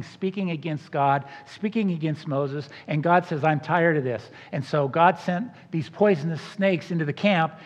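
A man with a notably high voice preaches a sermon, casual and emphatic, breaking off into quick asides. The sound is dull and lo-fi. A long reverb trails behind him, as in a large church sanctuary. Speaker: pastor.

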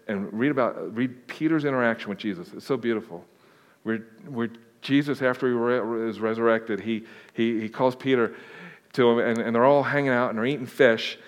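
A man preaching a conversational sermon as a pastor, answering questions in an informal, plain-spoken way with joking asides. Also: on the low side. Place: church sanctuary. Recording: long reverb of a large hall.

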